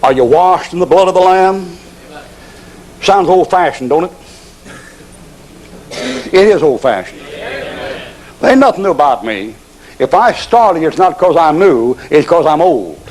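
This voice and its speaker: A man's voice: fairly high pitch, expressive, a little slow, long pauses, darkish tone, rough recording. A man preaching a storytelling sermon, folksy and acting out characters in dialogue.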